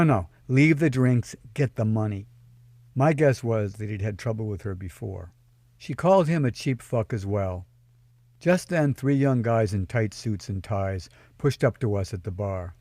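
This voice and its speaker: Guy with a low warm voice telling his own story, kinda dry and wry. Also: no room sound. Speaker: storyteller, podcast host. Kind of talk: scripted first-person storytelling.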